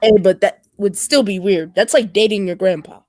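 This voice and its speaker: A woman's voice: mid-range voice, moderate pace, darkish tone, no echo. A woman in casual stream chat, rambling with lots of fillers. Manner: rambling, filler-heavy, nerdy train talk. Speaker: stream co-host.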